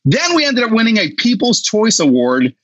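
A man in casual podcast chat, telling stories in a lively way and laughing as he talks. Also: sits high, moderate pace, dull audio. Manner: animated storytelling with laughs. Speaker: guest author.

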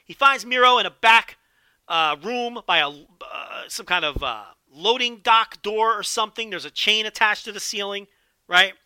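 A man's voice: high voice, moderate pace, sharp tone, clear, resonant tone, no echo. A man giving a casual wrestling recap, enthusiastic and profane, riffing with jokes. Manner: enthusiastic, profane, joking riffs. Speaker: wrestling show commentator.

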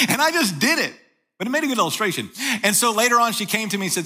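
Animated, bright-voiced male preacher. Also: sits high, quick pace, pauses often, breathy edge. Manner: storytelling, emphatic repetition. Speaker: pastor. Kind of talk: sermon.

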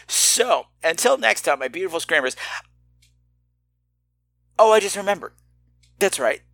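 A man's voice: high voice, expressive, a little slow, gravelly, fairly bright tone, no echo. A middle-aged man hosting a horror podcast, campy and theatrical with self-mocking asides. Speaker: podcast host. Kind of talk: horror podcast listener feedback and sign-off.

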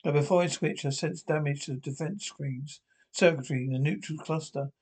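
A man's voice: fairly high pitch, moderate pace, darkish tone, breathy edge. A man reading an episode script aloud, directions and dialogue alike, with frequent stumbles and restarts. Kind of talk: read-aloud script narration.

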